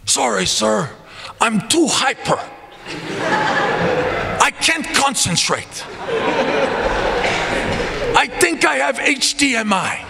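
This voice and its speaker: A man's voice: extremely high pitch, big pitch swings, slow pace, gravelly, long pauses, very noisy, voice pushed up, exaggerated voice. A man voicing a hyper, scatterbrained teenage boy who apologizes sheepishly. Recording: long church reverb, heard from afar.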